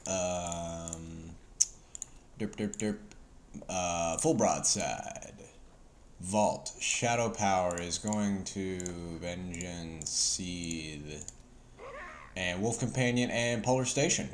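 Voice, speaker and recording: Casual male game commentator with a Southern US accent, lowish voice, relaxed and profane, home desk mic. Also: slow pace, a little hiss or hum. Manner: loose, profane, filler-heavy. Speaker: gameplay video host.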